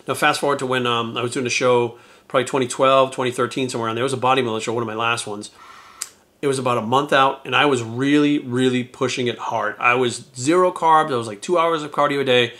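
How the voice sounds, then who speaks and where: Guy vlogging, retired bodybuilder, rapid-fire and kinda sharp-toned, cusses a lot and keeps restarting sentences. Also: medium pitch, fairly even intonation. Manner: candid, profane and rambling, with frequent restarts. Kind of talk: casual storytelling to camera.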